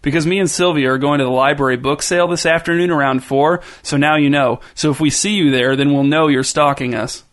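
A man's voice: on the high side, fairly even intonation, brisk, hardly any pauses, a bit bright, close to an everyday voice. A man voicing a smug, knowing teenage girl in a storybook reading, teasing in a sing-song way. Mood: accusing.

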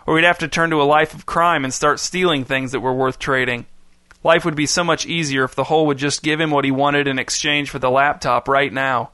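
Bright, dry-voiced male storyteller. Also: on the high side, steady tone, brisk, dry recording. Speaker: narrator. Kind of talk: scripted narration.

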